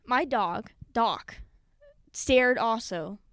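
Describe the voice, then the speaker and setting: Onstage at a live community event, a woman performs a personal story as a spoken word piece, nervous and giggly, acting out scenes and quotes with animation. Her voice is fairly high and extremely slow, and the recording is dry.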